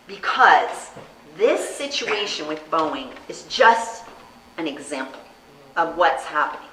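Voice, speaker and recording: American woman candidate, bright voice, earnest stump speech, heard from a distance in an echoey room. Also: sits low, very animated, slow, slight background noise. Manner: earnest, storytelling, acts out quoted people. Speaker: congressional candidate.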